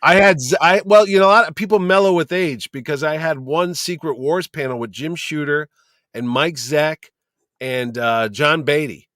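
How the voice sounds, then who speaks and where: Animated male storyteller, dry sound. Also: a little high, moderate pace, dry recording. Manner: lively storyteller who acts out quoted people. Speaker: convention founder and producer, guest. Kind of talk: casual podcast chat, anecdotes.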